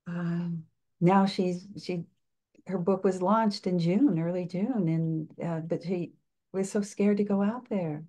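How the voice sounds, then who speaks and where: A woman in her later years talks as a speaking coach, her voice sitting a little low. She explains things reflectively and haltingly, often circling back to restart a thought. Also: fairly even intonation, warm tone. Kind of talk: interview answers.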